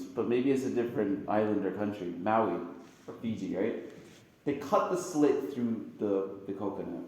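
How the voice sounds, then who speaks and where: A priest gives a loose, conversational homily, joking with his listeners and jumping into squeaky sound effects. His voice sits at a middling pitch. The room around him rings with heavy echo. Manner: chatty and animated, bursts into high-pitched sound effects and jokes with the audience. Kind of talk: casual spoken homily.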